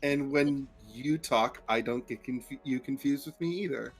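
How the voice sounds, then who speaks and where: A man's voice: mid-range voice, normal speed, husky, faint music behind. A man joking playfully as a player at a tabletop game session. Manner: animated, playful.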